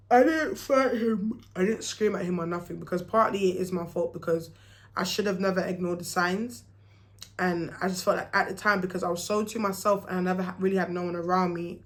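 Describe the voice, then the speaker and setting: Young woman, casual storytime vlog, animated, slangy, plays out the dialogue. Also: on the low side.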